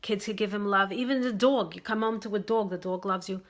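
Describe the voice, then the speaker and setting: A woman's voice: medium pitch, fairly quick. A woman from Brooklyn, giving relationship advice in an emphatic monologue that repeats its key phrases. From Brooklyn, New York.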